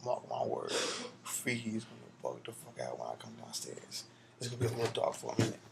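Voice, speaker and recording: A young man rambling loosely and profanely at home at night, drifting between loud talk and whispers, recorded on a laptop mic. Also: fairly low pitch, big pitch swings, quick pace, creaky, very noisy. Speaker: vlogger. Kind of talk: rambling casual vlog. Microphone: laptop built-in mic.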